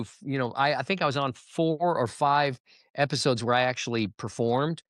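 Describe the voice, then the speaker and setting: A man spins stories in an easy, animated way, now and then dropping into playful character voices. His voice sits at an ordinary middle pitch. The sound is dry and close, with no room around it. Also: normal speed, dry recording. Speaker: guest entertainer. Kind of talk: casual interview chat.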